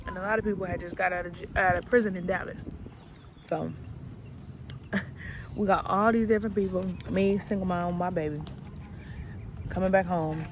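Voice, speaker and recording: A woman vlogger tells a story in a chatty, unhurried way, full of slang. She talks casually to her viewers. Loud outdoor and traffic noise sits clearly behind her voice. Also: on the low side. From Alabama, US South. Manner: laid-back, slangy and chatty. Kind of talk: storytelling vlog.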